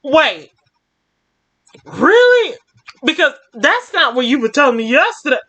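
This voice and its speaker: A woman voicing a clumsy, guilty young male firefighter pup in a read-aloud story, speaking in a rushed, apologetic way. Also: high voice, lively intonation, bright, forceful tone. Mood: surprised.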